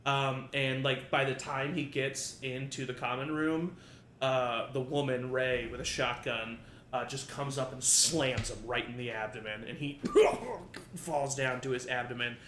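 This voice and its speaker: A man's voice: mid-range voice, steady tone, measured pace, sharp tone. Man GM narrating a tabletop game, rambling, echoey room, faint hum. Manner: rambling, filler-heavy narration. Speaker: game master. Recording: roomy echo, faint ambience.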